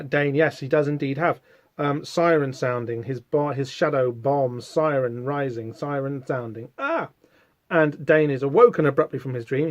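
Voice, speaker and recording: A man's voice: on the high side, dry recording, dull audio. A man hosting a podcast, casually walking through a comic book and reading its lines aloud with many fillers. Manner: chatty, reads quotes aloud with hesitant fillers. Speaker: podcast host.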